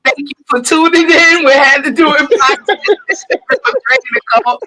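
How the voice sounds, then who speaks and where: A woman's voice: sits high, normal speed, pushed and bright, low-quality recording. A woman hosting a casual podcast chat, teasing and laughing often. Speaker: podcast host.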